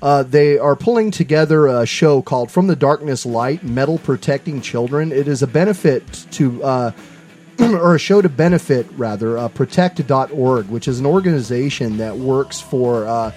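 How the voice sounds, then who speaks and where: A man's voice: medium pitch, normal speed, a little mellow, slight background noise. A man co-hosting a casual podcast, rambling through plugs with many filler sounds. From Seattle area. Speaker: podcast co-host.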